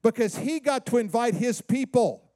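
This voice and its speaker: Animated preaching man, high and mellow. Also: moderate pace, dry recording, studio quality. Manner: animated, acts out quoted voices. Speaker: pastor. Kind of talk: sermon.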